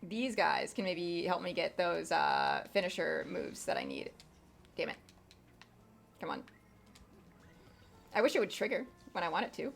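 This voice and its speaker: A woman's voice: fairly low pitch, sing-song, measured pace, gravelly, long pauses. A young woman streaming a video game, chatting casually in a rambling way, with lots of fillers and casual swearing. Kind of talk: casual gameplay commentary.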